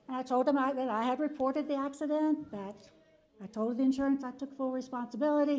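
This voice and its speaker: Woman, psychologist, church wellness talk, high-pitched, conversational storytelling, frequent fillers, chuckles. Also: a little fast, a little mellow, muffled recording. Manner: loose storytelling with frequent um and you know, chuckling often. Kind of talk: conversational presentation with a personal anecdote.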